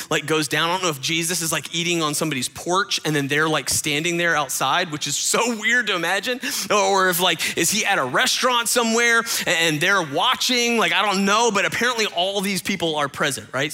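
A male pastor giving a casual, talky sermon. His voice is very bright and sits a little high. He often doubles back on words and speaks straight to the room. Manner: conversational, repeats words, addresses listeners directly.

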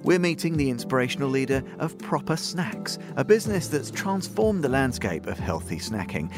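A man hosting a business interview show, reading a polished, pun-filled introduction and then asking long, rambling questions. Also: mid-range voice. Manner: polished, upbeat presenter with food puns. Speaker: podcast host.

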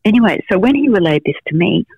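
A middle-aged investigative journalist, appearing as a guest, answers interview questions with frank stories full of fillers and restarts. Her medium-pitched voice is husky, expressive and quick. The audio is narrow and tinny, with no room sound.

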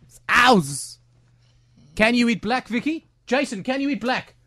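A man's voice: very high-pitched, a little fast, fairly bright tone. A man hosting a radio show, playful and teasing as he quizzes his co-hosts. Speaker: radio host. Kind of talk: breakfast radio banter. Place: radio studio.

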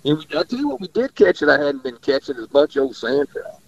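A man's voice: on the high side, very animated, fairly quick, vocal fry, breathy edge, dry recording. A man, a fishing guide rambling through stories in casual radio chat and laughing often. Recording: dull lo-fi radio audio.

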